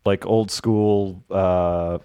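A man's voice: low voice, fairly even intonation, drawn-out words, warm tone, smooth. A man hosting a podcast, tired and meandering, laughing as he talks. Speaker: podcast host. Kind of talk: casual podcast chat.

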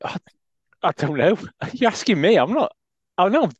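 A man co-hosting a podcast in casual chat, quick-witted and self-mocking, laughing often. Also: high voice, sing-song, breathy edge, dry recording, muffled recording. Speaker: podcast co-host.

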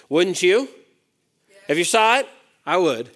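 A man preaching a sermon to young adults, reading scripture aloud and swinging between emphatic peaks and hushed asides. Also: high-pitched, sing-song, slow, pauses often. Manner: reads scripture aloud and acts out the quoted lines.

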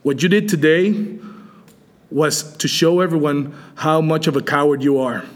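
A man's voice: fairly high pitch, unhurried. A man, a wrestling champion, cutting an irate, taunting promo in a bar and grill.

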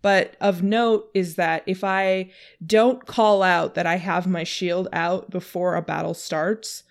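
A woman co-hosting a podcast, casually explaining tabletop game rules in a conversational way. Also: fairly low pitch. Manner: conversational, with frequent "like" and laughs. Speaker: co-host.

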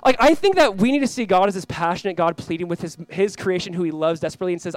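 Male pastor, quick high delivery, fervent sermon with big loud-to-soft swings, dry close sound. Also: dry recording. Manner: impassioned, voice rising and dropping sharply; acts out quoted voices in casual speech.

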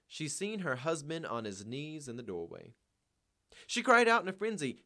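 Male reader-commentator, earnest and emphatic, lively intonation. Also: mid-range voice, normal speed. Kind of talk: reading a novel aloud with commentary.

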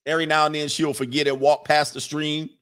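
A man's voice: a little high, level tone, brisk, fairly bright tone, clean tone. A man riffing casually and comically as a streamer reading viewer comments, slangy and crude, breaking into laughter often.

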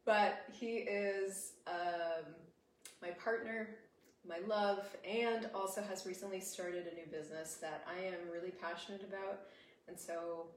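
A woman with an American accent hosting a podcast, chatting with her guest in an upbeat, relaxed way. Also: on the low side, unhurried. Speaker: podcast host. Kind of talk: casual conversational interview. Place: room with guest, shared microphone. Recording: roomy echo and faint ambient noise.

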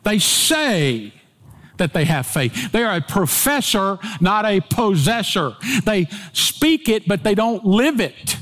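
Man, pastor, sermon, high-pitched, emphatic, dramatic swings in pitch and pace. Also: very animated, slow, fairly bright tone.

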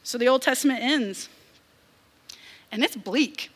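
A young woman preaching a sermon, animated, with casual asides and acted-out voices. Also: sits high, a little slow, breathy edge.

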